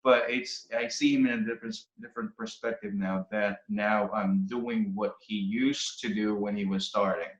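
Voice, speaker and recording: A man from the Philippines, a guest musician, talking casually in an interview, often pausing and restarting his sentences. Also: lowish voice, steady tone. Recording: roomy, dull podcast audio.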